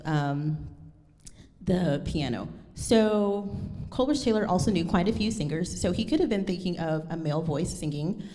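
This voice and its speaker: A woman's voice: lowish voice, warm tone, big-room sound. A woman giving a lecture recital, speaking thoughtfully and correcting herself with frequent ums. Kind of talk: lecture presentation.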